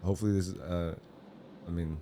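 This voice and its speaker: A quiet, soft-spoken man, a barber chatting hesitantly as a guest in a podcast studio. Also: sits low, fairly even intonation, a little fast, slight background noise. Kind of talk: casual interview chat.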